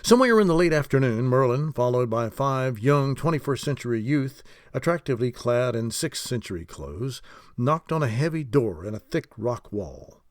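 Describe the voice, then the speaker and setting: A man narrating a fantasy audiobook chapter in an expressive storytelling way. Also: medium pitch, moderate pace, dry recording, studio quality.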